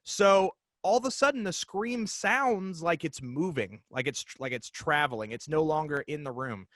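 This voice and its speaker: A man in his forties, a podcast guest, telling a story casually and haltingly with many fillers and restarts. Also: a little high, a bit bright, dry recording.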